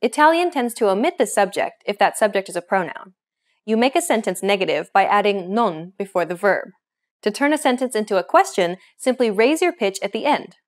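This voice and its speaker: Woman teaching a beginner language lesson, clear explaining voice, scripted. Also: fairly high pitch, big pitch swings, a little fast.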